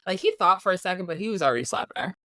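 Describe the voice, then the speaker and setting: A woman guesting on a podcast, giving opinionated takes on a film with quick bursts and sudden pitch jumps. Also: lively intonation, sharp tone, dry recording. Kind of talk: casual film discussion.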